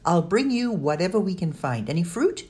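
A woman reading aloud gives voice to a playful, joking boy in a children's storybook. The pitch runs lively, with a husky grain underneath. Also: moderate pace.

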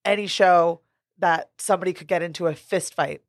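Laughing, animated woman podcast co-host. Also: lowish voice, a little fast, no echo, studio quality. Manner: animated storyteller, swears freely, laughs often. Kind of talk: casual chat.

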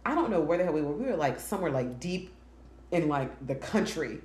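A woman's voice: sits low, brisk. A woman co-hosting a podcast and telling stories in casual chat, swearing freely and acting out quotes. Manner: animated storytelling, swears freely, acts out quotes. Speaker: podcast co-host. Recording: echoey room with faint ambient noise.

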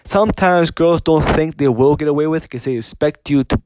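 A man's voice: on the high side, normal speed, a little mellow, a little hiss or hum. A man hosting his own advice show, talking off the cuff in a blunt, profane, repetitive way. He often restarts his sentences and keeps asking "you know what I mean.". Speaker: podcast host giving dating advice. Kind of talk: casual unscripted monologue.

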